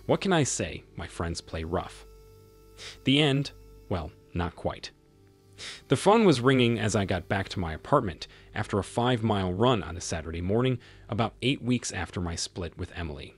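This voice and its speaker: A man tells a first-person story in a wry, bitter tone. His voice is low and husky, with lively swings in pitch, over faint background music. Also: moderate pace. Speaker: narrator.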